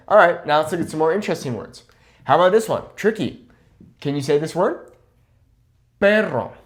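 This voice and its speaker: Encouraging young male Spanish teacher. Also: on the high side. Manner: encouraging, repeats "okay?" after each point, models words slowly. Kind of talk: online language lesson.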